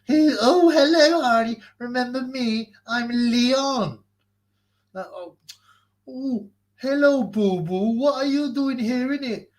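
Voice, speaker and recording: A man voicing a clingy, whiny male puppet with a shrill, crying voice in a puppet show. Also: slow pace.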